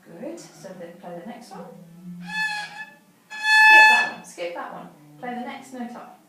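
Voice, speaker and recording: A woman teaches violin with a gentle, encouraging manner, her voice lively and lifting. She is heard from some distance in a very echoey room. Violin notes sound behind her. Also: on the high side, over loud music. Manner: gentle and encouraging, asks questions slowly. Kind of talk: patient one-to-one lesson teaching.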